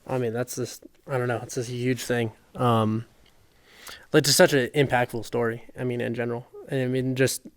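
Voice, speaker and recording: A man co-hosting a church podcast in casual chat, relaxed and agreeable, often chiming in with short replies. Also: medium pitch, normal speed. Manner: relaxed, agreeable, with frequent backchannels. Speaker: podcast co-host. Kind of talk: casual faith discussion.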